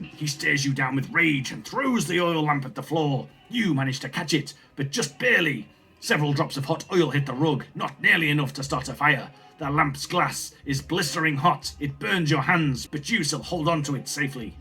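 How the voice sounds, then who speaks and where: Bright-voiced young man narrating a game story. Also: fairly high pitch, moderate pace, faint music behind. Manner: steady, expressive narration. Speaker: gaming storyteller. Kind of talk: reading a story game aloud.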